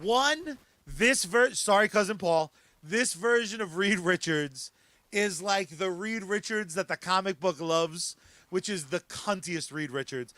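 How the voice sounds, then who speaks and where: High bright-voiced man, profane and excitable. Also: measured pace, dry recording. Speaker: podcast host. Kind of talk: casual chat.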